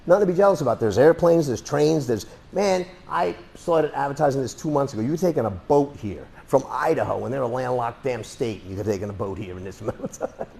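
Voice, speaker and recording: A man's voice: mid-range voice, fairly quick, creaky, dark tone. Rambling, sarcastic male self-defense instructor. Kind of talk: casual live class talk.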